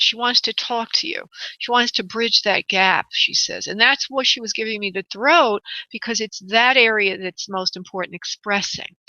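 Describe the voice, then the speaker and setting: A woman hosting a radio psychic reading, speaking in a gentle, halting, soothing way. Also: mid-range voice, dry recording, muffled recording. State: choked up. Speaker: psychic medium radio host.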